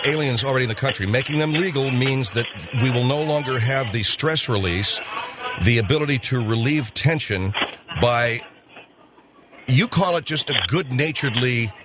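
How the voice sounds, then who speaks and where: Male talk-radio host, wry interviewer, medium pitch, some hiss behind. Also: lively intonation, moderate pace. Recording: hissy broadcast recording.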